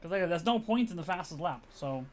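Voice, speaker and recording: A man's voice: high voice, expressive, a little fast. Chatty man thinking aloud over a game. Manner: thinking aloud, frequent restarts and chuckles. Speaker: game streamer. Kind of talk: casual gameplay commentary.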